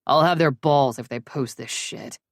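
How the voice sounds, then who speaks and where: A woman voicing a rough, sheepish young male hockey player who is hungover, his voice low and rasping in an audiobook. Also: moderate pace, no echo, studio quality, natural voice. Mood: hungover, groggy. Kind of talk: audiobook character reading.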